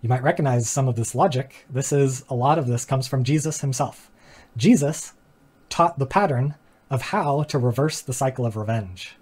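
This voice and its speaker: Here a man speaks at moderate pace with a medium pitch, a slightly mellow quality and a breathy edge. As host of a philosophy channel, he delivers an earnest, reflective explainer, posing rhetorical questions and going over diagrams while tossing in casual asides, fillers and small laughs.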